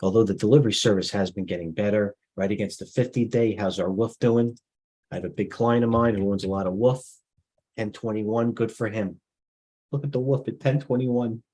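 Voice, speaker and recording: A man's voice: lowish voice, fairly even intonation, fairly quick, warm tone, breathy edge, rough recording. A middle-aged man hosting a live stock market stream, commenting off the cuff with rambling asides and restarts.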